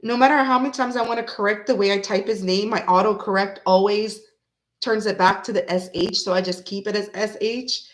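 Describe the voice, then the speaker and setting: A woman hosting a tarot reading from home, chatting casually and rambling, who breaks into snippets of old songs and talks softly to her cat. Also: medium pitch, fairly even intonation, a little fast. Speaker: tarot reader and channel host. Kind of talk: casual chat on a live reading.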